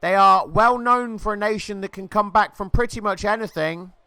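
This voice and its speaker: A man commentates a video game football match in jokey, playful patter at a moderate pace, breaking into excited shouts when the ball nears the goal, at near misses and at goals. His voice is high, crisp, and smooth, and the recording is close and dry, with no room sound.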